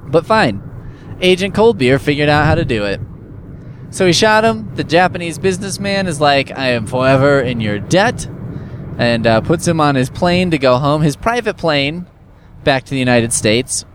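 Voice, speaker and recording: A man's voice: fairly high pitch, slight background noise. A man casually recapping a story, sarcastic and profane, with lots of fillers.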